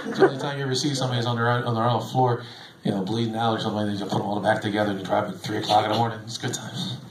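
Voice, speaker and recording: A man's voice: fairly low pitch, flat delivery, very fast, slight background noise. A middle-aged man, a bus driver, telling rambling stories to a group in a casual, chuckling, self-deprecating way. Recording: echoey room, faint background ambience.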